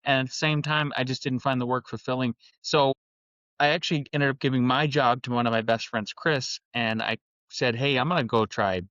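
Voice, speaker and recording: A man in his forties, a podcast guest from the American Upper Midwest, telling his story in a casual, animated way and acting out quoted dialogue. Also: mid-range voice, normal speed, dry recording. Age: 40s. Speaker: podcast guest, architect and entrepreneur. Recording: dull lo-fi sound, dry.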